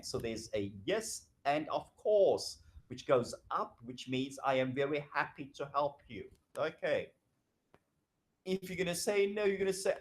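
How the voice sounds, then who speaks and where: A middle-aged man teaching a grammar lecture, explaining slowly and acting out example dialogues. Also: on the high side, animated. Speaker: English teacher.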